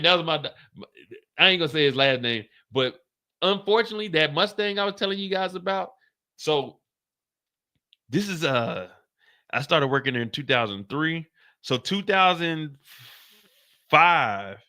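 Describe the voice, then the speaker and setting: A middle-aged man hosting a stream, telling a story in a casual, animated way with lots of cursing, raising his voice when he acts out what people said. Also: mid-range voice. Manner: animated, profane, acts out quotes in a raised voice. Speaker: streamer host.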